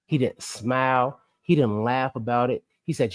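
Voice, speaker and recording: A man co-hosting a sports podcast, ranting excitably and swinging between loud outbursts and quiet asides. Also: medium pitch, moderate pace, few pauses, no echo, studio quality. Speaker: podcast co-host. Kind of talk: animated sports podcast chat.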